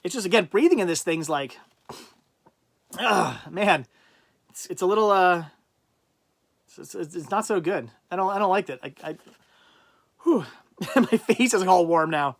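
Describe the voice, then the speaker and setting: High-voiced man chatting on a livestream. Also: lively intonation, unhurried, pauses often. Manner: rambling, reads chat aloud and thinks out loud. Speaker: livestream host. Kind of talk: casual livestream chat, answering viewer comments.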